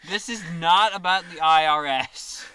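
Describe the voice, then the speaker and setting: A man co-hosting a casual podcast, answering in dry, deadpan mock-disapproval. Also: a little high, measured pace. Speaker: podcast co-host. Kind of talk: casual chat.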